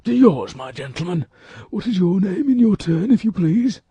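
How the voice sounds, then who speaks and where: A man's voice: high-pitched, sing-song, moderate pace, mellow, breathy edge, no room sound, voice pushed up, heavily acted. A man reading an audiobook, voicing a polite, dutiful male guard captain who speaks formally. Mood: courteous. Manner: courteous and formal.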